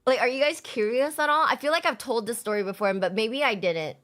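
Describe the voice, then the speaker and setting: A young adult woman streamer telling a story in casual chat, animated, self-mocking and swearing a lot. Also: on the high side, brisk.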